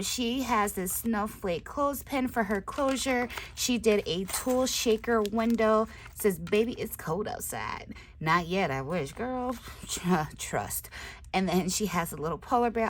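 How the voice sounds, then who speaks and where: Woman crafting host, mid-pitched, casual unboxing chat, gushes and drops into whispers, faint background noise. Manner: gushing, with frequent excited exclamations and soft whispered asides.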